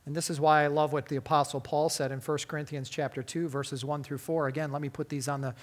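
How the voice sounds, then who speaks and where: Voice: medium pitch, little pitch movement, fast. A preacher delivering a sermon on a Bible passage, emphatic and often asking the listeners rhetorical questions. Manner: emphatic, with wide swings in loudness.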